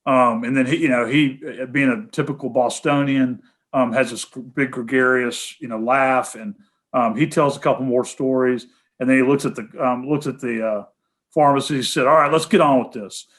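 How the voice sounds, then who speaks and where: A man's voice: mid-range voice, steady tone, normal speed, fairly bright tone. Tennessee man answering questions earnestly. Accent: Tennessee Southern. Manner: many fillers and restarts, earnest. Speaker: guest speaker, healthcare association head. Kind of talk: conversational Q&A over video call.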